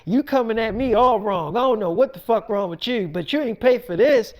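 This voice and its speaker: A woman's voice: on the high side, lively intonation, brisk, darkish tone, natural voice. A man voicing a strict middle-aged mother who scolds and swears at her grown daughter. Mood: scolding.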